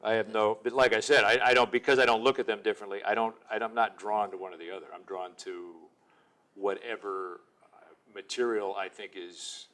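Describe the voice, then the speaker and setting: A man with a low voice answers interview questions about his acting work. He speaks in a low-key, reflective, self-deprecating way, without much show. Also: fairly even intonation, fairly quick, a bit bright. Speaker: actor guest. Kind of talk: casual interview talk.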